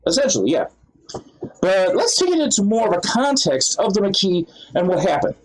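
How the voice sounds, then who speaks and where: A man's voice: high voice, very animated, normal speed, poor audio. A man talking casually to the camera in a rambling way, with many fillers and restarts. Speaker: vlogger. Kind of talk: casual monologue.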